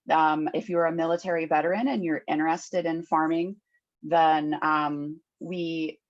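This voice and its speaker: Woman, low voice, casual presenter on a video call through earbuds, full of fillers. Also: dull audio. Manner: chatty, filler-heavy, loses her words. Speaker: program coordinator presenting a farming course. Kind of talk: online meeting presentation. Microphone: Bluetooth earbuds on a video call.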